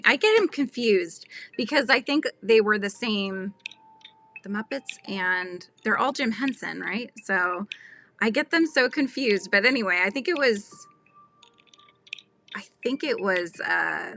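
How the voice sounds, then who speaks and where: A woman's voice: mid-range voice, animated, measured pace, pushed and bright, a little hiss or hum. A woman in her thirties chatting casually with her live chat while she crochets at home, laughing often. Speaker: crochet channel host.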